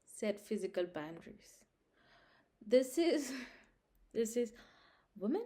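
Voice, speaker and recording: Very animated and taking it slowly with long pauses, a young woman with a mellow, high-leaning voice shares casual life advice with her viewers. She repeats points emphatically and keeps checking in with "Understand?"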